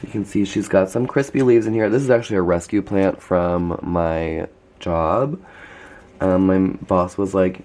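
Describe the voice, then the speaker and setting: A man with a somewhat low voice talks through a casual tour of his home plant collection. He gushes, chats freely and fills his sentences with "like". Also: fairly even intonation, unhurried, a little mellow. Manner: gushing, chatty, frequent "like". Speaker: plant vlogger. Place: home filled with houseplants.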